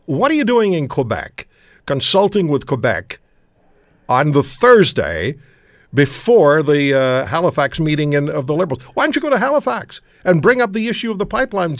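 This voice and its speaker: A man's voice: on the high side, creaky, dry recording, studio quality. A man hosting a phone-in radio talk show, speaking in an indignant, emphatic, rhetorical way.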